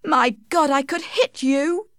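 A tearful young village girl, as a woman reader puts her on, her voice lifting high and lively as sorrow turns to anger. Her words come out dry and close, with no room around them. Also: normal speed, no room sound, natural voice. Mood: angry. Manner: tearful, pleading, rising to anger.

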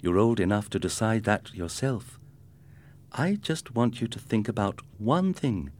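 A man's voice: fairly low pitch, lively intonation, unhurried. A man voicing an earnest, questioning mother. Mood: concerned. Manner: gentle, searching questions. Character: caring, earnest mother questioning her son.

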